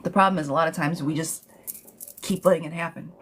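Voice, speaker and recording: A woman's voice: low voice, fairly even intonation, quick pace, a little hiss or hum. A woman giving a live tarot reading, talking bluntly to viewers, swearing freely and calling them sweet pet names. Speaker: tarot reader.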